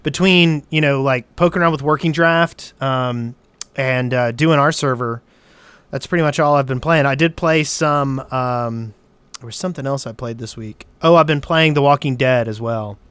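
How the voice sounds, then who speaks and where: Guy hosting a gaming podcast, smooth clear voice, dry close sound. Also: mid-range voice, moderate pace, fairly bright tone, dry recording. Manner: enthusiastic about games. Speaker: podcast host. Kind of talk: casual podcast chat.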